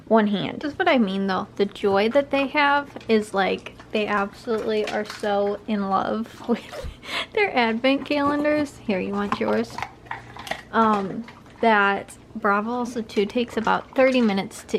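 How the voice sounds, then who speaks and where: A woman's voice: mid-range voice, unhurried, slight background noise. A young woman chatting casually in a home vlog, rambling with lots of fillers and repeats. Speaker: vlogger. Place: home at night.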